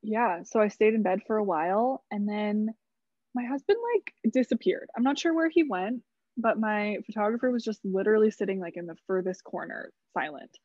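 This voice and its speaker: Here a young woman guest tells her birth story on a podcast, chatty and casual, leaning heavily on "like" and swearing now and then. Her mid-range voice is a little mellow and moves at a moderate pace, recorded dry and slightly dull with no room sound.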